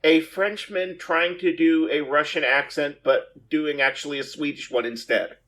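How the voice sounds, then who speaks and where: Podcast co-host, mid-pitched, dry wit, quick joking asides. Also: steady tone, a bit bright. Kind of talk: casual chat.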